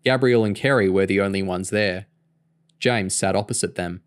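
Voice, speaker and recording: A man reading a novel aloud in a steady, even storytelling manner. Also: low voice, normal speed, no echo, studio quality. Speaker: audiobook reader.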